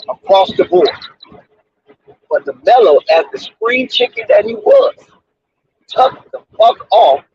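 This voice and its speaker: A man's voice: very high voice, breathy edge. A man hosting his own sports commentary channel, talking in an emphatic, preachy and repetitive way with street slang, on a dull lo-fi recording. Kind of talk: off-the-cuff sports commentary monologue.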